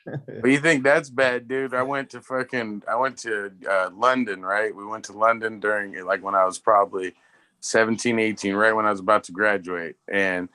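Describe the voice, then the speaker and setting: A man's voice: lowish voice, fairly even intonation, moderate pace, bright, forceful tone, smooth. A man co-hosting a casual pop culture live stream, telling rambling, profane anecdotes. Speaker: podcast co-host. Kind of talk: casual chat, storytelling.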